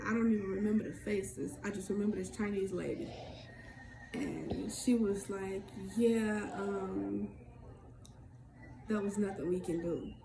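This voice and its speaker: A woman telling a personal story in casual talk, candid and swearing freely, acting out what others said in quick lively bursts. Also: medium pitch, gravelly. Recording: echoey room with faint background noise.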